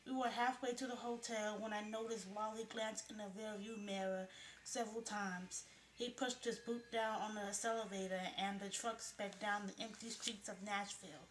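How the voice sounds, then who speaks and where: A woman narrating a first-person mystery novel in a steady, measured way. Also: medium pitch. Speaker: audiobook narrator. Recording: roomy, faintly noisy room.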